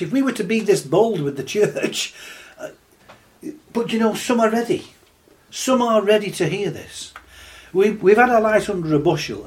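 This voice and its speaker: Man preaching, slightly high-pitched, scripture reading, fervent exhortation. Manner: reads scripture slowly, then rises to impassioned exhortation. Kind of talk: sermon, Bible teaching.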